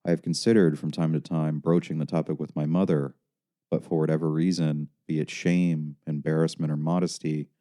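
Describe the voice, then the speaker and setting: A man's voice: low-pitched, mellow. A man narrating his own memoir in an intense, confessional manner. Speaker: author and narrator.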